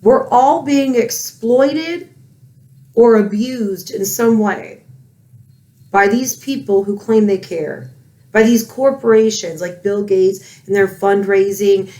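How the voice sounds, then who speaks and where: A woman's voice: mid-range voice, expressive, takes it slowly, a little mellow. A woman with children, ranting angrily in a heated commentary, swearing often. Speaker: political commentary vlogger.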